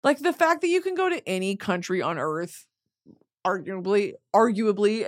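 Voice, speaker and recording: A young woman hosting a podcast, mid-pitched and conversational. She drifts off on tangents, swears casually and keeps the talk loose and chatty. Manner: rambling, tangent-prone, swears freely. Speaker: podcast host.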